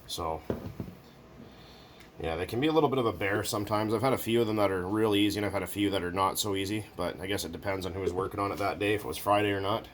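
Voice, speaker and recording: A very deep-voiced man talks loosely at his workbench, joking and rambling with the odd swear. A faint hum of background noise sits under his voice. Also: fast. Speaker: hobbyist video maker. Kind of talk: casual workshop chat.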